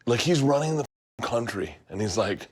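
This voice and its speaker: A man hosting a casual cooking chat, telling stories loudly and laughing often. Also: medium pitch, lively intonation, normal speed, husky. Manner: loud, laughing storyteller. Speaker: host.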